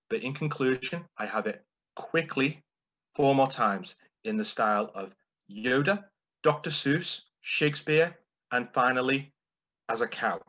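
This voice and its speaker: A man's voice: mid-range voice, fairly bright tone, low-quality recording. A man delivering a playful, humorous prepared speech at a speaking club. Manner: playful, deliberate.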